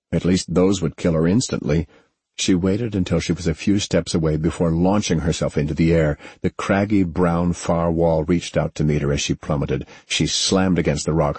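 A man reads a story in a steady, measured way. His voice sits very low and has a husky grain. The recording is dry, with no room sound. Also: no room sound. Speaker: audiobook narrator. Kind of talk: scripted narration.

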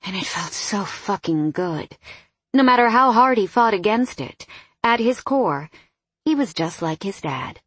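Brief: audiobook narrator, woman, mid pitch, husky edge, dry close sound. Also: expressive, unhurried, dry recording. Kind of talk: scripted narration.

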